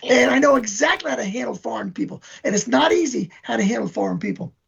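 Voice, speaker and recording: A man's voice: very high voice, lively intonation, quick pace, vocal fry, fairly bright tone, slightly rough. An older man, chatting as an interview guest and telling long boastful stories in a rambling way. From New York. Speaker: band member, guest. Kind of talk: casual chat. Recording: dull lo-fi recording.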